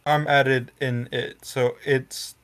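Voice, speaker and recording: A man chats his way through a tabletop game, hesitant and often laughing as he thinks aloud. His voice sits at an ordinary middle pitch. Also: level tone, takes it slowly, a bit bright. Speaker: player. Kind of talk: tabletop game chat over a call.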